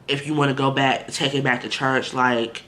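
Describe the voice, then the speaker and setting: A man's voice: mid-range voice, level tone, normal speed, bright, forceful tone, slight background noise. A man talking candidly to the camera in a casual vlog, blunt and conversational, full of fillers and direct asides to viewers. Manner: candid and blunt, lots of "like" and "you know". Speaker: vlogger.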